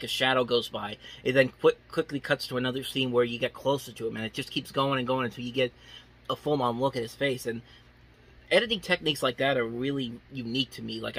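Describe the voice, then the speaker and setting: A man's voice: medium pitch, a bit bright, breathy edge. A young man casually reviewing a movie, enthusiastic and rambling, with many restarts and filler words.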